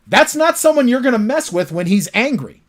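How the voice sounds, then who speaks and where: Male author guest, animated storyteller in casual interview chat. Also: extremely high pitch, fairly quick. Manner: animated storytelling, acts out his characters.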